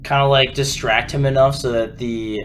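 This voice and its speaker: A laid-back, deadpan player in a tabletop game. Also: mid-range voice, normal speed, a little hiss or hum. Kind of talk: tabletop role-play.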